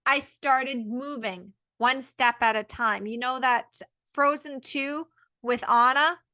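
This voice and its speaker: A woman's voice: sits high, pushed and bright, dry recording. A woman in her thirties, a birth coach, telling her story in an earnest, emphatic monologue full of quoted self-talk. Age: 30s. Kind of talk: personal motivational monologue.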